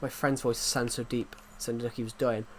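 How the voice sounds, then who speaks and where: A man's voice: medium pitch, level tone, moderate pace, a little hiss or hum. An English man chatting casually on a livestream, rambling with many restarts and fillers, his throat sore. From England. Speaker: livestream host.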